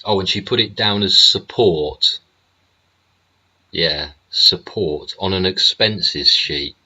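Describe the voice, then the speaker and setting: A man's voice: deep voice, slow pace, sharp tone, slightly rough, muffled recording. A man, hosting a ranting political monologue, angry and swearing constantly, with rhetorical tag questions. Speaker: host.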